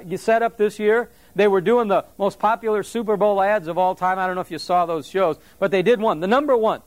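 A man preaching a sermon in a conversational, animated way, with asides to the congregation. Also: high voice, dry recording. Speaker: pastor.

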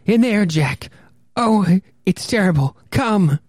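A man's voice: high voice, animated, slow pace, darkish tone, no echo, studio quality, pitched above the performer's own voice, full character voice. A man voicing a frightened young woman from an old horror comic, in a breathless, pleading tone. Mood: anxious. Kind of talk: dramatic reading of a comic.

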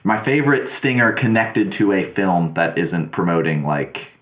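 Deep-voiced man, dry and teasing. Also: animated, normal speed, fairly bright tone. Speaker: podcast co-host. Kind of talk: casual movie chat.

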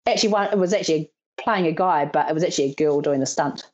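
Low-pitched and fast, this woman's voice comes through in lo-fi sound. A thirty-something stunt performer from New Zealand, she shares stories in a relaxed interview, acting out quotes and laughing frequently with animated energy.

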